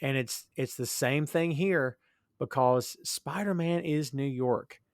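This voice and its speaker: A man's voice: medium pitch, takes it slowly, dry recording, studio quality. A man cohosting a casual podcast, agreeable and chatty, often saying "man" and "dude".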